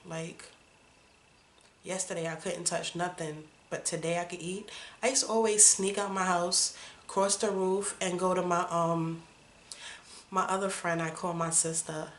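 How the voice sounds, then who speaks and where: Woman, 30s, lowish voice, candid personal vlog storyteller, casual fillers, roomy room echo. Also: flat delivery, measured pace, slight background noise. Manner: candid and conversational, full of "like" and "you know". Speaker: vlogger.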